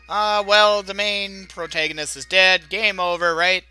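A man's voice: sits high, lively intonation, normal speed, hardly any pauses, pushed and bright, faint music behind. A young man hosting a let's play, giving joking, chatty commentary on a video game.

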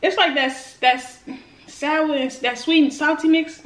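This is a woman with a high voice hosting a casual food-tasting vlog. She chats loosely to her viewers between bites and uses plenty of slang. The recording has a noticeable room echo. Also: steady tone, moderate pace. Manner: chatty, slangy, talks to viewers while eating. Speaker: food vlogger. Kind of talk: casual eating-show chat.

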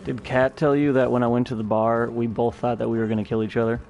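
A man's voice: mid-range voice, flat delivery, fast, vocal fry, a little mellow. A man streaming a game, chatting casually with friends and telling a story with swearing and laughs. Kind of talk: casual gaming chat.

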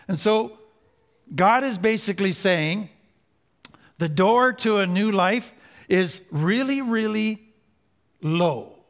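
A man giving an earnest teaching talk on recovery, slowing down to stress key points. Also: high voice, a bit bright. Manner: earnest, slows down for emphasis. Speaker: recovery speaker. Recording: hall reverb.

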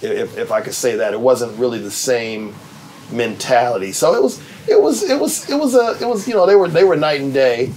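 A middle-aged man, a TV writer and producer, telling backstage stories in a relaxed, animated way, laughing as he goes and acting out the people he quotes. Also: mid-range voice, a little fast, a little hiss or hum, poor audio. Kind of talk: casual anecdotal storytelling.

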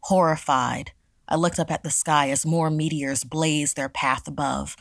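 Casting: woman storyteller for a horror podcast, gravelly low tone, dry close sound. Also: fairly even intonation, measured pace, no echo. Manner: hushed, dramatic reading. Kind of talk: scripted horror narration.

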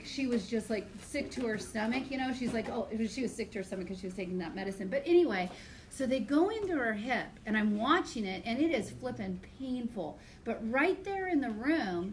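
A woman biology teacher lecturing her class in a chatty, animated way, mixing lessons with personal stories. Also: a little high, slight background noise. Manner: chatty, animated storytelling, talks to students directly. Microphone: iPad screencast recording.

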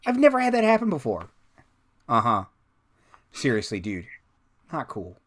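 A man's voice: mid-range voice, wildly swooping pitch, normal speed. A man voicing a petulant, complaining young henchman overheard in a tabletop game. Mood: whiny.

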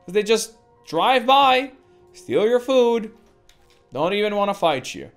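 A woman's voice: mid-range voice, big pitch swings, measured pace, soft background music. Foul-mouthed woman ranting over gameplay. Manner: swears constantly, rants at the game. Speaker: gameplay streamer. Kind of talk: let's play commentary.

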